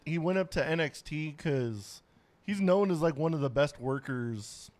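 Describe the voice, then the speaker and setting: A man's voice: fairly high pitch, animated, measured pace, a little mellow. A man in casual podcast chat, talking in a plain, matter-of-fact way. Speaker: podcast co-host.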